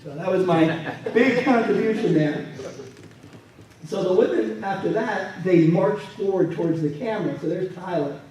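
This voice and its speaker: Guy telling stories with slides at a museum talk, highish mellow voice, mic way off in a really echoey room. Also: normal speed, distant mic, slight background noise. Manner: storytelling, acts out quoted people. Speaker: guest speaker and military historian. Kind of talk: anecdotal presentation with slides. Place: museum event space.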